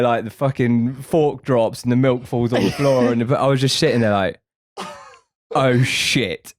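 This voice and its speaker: A man's voice: mid-range voice, moderate pace, dry recording, clean studio sound. A man telling a long funny story on a podcast, swearing freely and laughing along. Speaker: podcast co-host. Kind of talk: casual storytelling.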